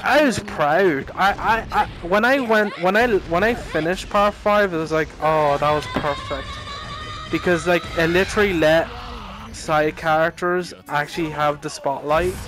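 A man's voice: a little high, measured pace, poor audio. Sweary young man ranting casually. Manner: heated, sweary, rambling with many restarts. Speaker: anime fan ranting. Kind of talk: casual rant.

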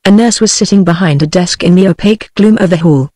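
A woman's voice: fairly low pitch, fast talker, no echo. Brief: British English TTS woman, audiobook narration, dry close sound. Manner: even, synthetic reading. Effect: text-to-speech voice. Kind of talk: scripted narration.

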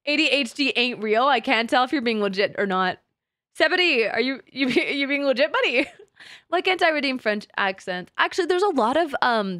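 A woman's voice: on the high side, fairly bright tone, no echo, clean studio sound. A woman streamer chatting casually with her live chat, crude and teasing, laughing often.

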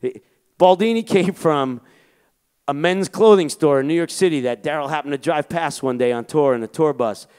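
A man's voice: on the high side, normal speed, a little mellow, clear, resonant tone. A man, a musician, telling a profanity-laced spoken-word story to an audience with chuckles.

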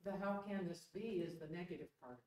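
A class member thinking through an answer out loud, tentative and reasoning step by step. The voice is mid-pitched and picked up off-mic, so it sounds roomy and distant. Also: brisk. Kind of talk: classroom discussion.

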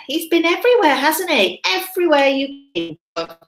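A woman teacher reads a picture book aloud to young children, her bright, high voice swooping in a sing-song way as she pauses to quiz them. She takes her time, and the recording sounds roomy and echoey. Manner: sing-song, expressive, asks children questions. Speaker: primary school teacher. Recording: roomy echo.

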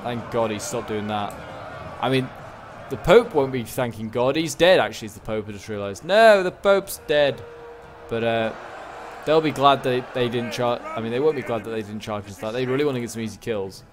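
A man giving casual, excitable play-by-play commentary on a strategy game battle, rambling with lots of fillers. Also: medium pitch, moderate pace, slight background noise. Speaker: gaming channel host.

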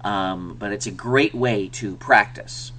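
A man's voice: fairly low pitch, slow, fairly bright tone, slight background noise. A man giving a conversational mini lecture as an ESL teacher, with many fillers, who sounds out example words aloud.

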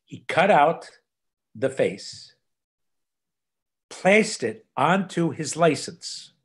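Casting: male guest, lively storyteller, mid-pitch voice, video call. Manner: animated storyteller, drops to soft asides. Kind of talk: casual anecdote telling.

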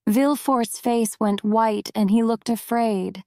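Woman narrator, English learner story, very slow careful reading, somewhat high voice. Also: mellow, no room sound, clean studio sound.

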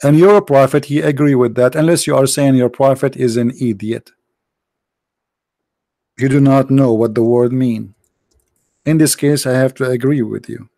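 A man's voice: medium pitch, steady tone, normal speed, creaky, pauses often, dark tone, no echo, studio quality. A man hosting a heated call-in debate show, speaking non-native English with broken grammar in a mocking, sarcastic way and calling his opponent "brother" again and again. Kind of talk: heated live debate with callers.

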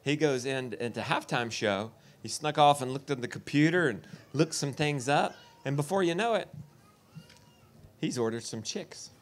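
A man giving a live talk at a festival. He tells folksy, joking stories and talks straight to the crowd. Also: mid-range voice. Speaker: festival speaker. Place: festival tent.

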